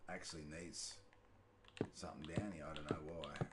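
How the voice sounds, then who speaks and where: A man's voice: a bass voice, fairly even intonation, moderate pace, heavy background noise. An Australian man streaming a game, chatting casually with viewers and musing aloud as he plays. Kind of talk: casual live-stream chat while gaming.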